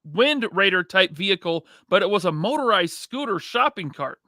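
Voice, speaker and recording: A man's voice: high voice, big pitch swings, normal speed, pushed and bright, dry recording, clean studio sound. A male podcast host in casual live chat, joking and reading viewer comments aloud.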